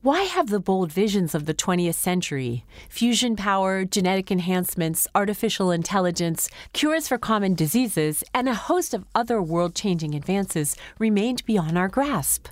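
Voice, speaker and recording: A woman host introducing a book in clear, scripted tones. Her pitch moves with lively variation. The recording is close and dry. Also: normal speed, hardly any pauses, dry recording. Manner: clear, announcing. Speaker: podcast host.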